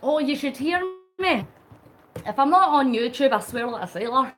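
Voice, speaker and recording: Woman vlogger, fairly high voice, chatty live-stream talk while cycling, laughs a lot. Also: lively intonation, moderate pace, a little hiss or hum. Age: middle-aged. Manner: chatty, laughs often, reads out viewer comments; talks while pedalling on a bike. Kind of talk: casual live-stream chat.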